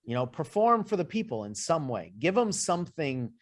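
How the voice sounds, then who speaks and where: A man's voice: fairly high pitch, big pitch swings, moderate pace. A man working as a life coach, talking a client through her business goals in a loose, conversational way with lists and asides. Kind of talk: coaching session.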